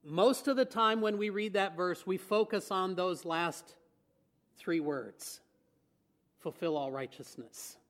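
A man's voice: high-pitched, slow pace, a bit bright. A man preaching a sermon in a conversational way, asking rhetorical questions and chuckling now and then.

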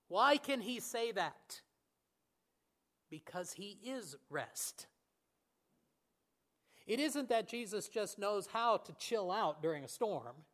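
A man delivers a sermon in a fairly high voice. He talks earnestly and stumbles over a few fillers. He often slows down and sinks to a near whisper on key words. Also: expressive. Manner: earnest, with fillers and restarts, voice swings between hushed and raised. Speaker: pastor.

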